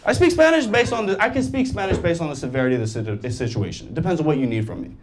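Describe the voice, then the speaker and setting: A young adult man performing a stand-up comedy set on stage, animated, jumping into loud exaggerated voices for the people he quotes and laughing through his lines. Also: fairly high pitch, racing. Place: comedy stage before a live audience. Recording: live stage mic with clear audience noise. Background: audience laughter.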